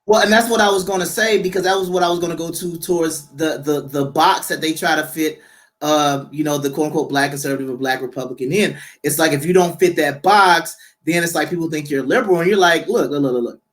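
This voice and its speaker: Brief: animated man, casual podcast storyteller who acts out quoted voices. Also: on the high side, brisk. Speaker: podcast co-host. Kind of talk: casual political chat.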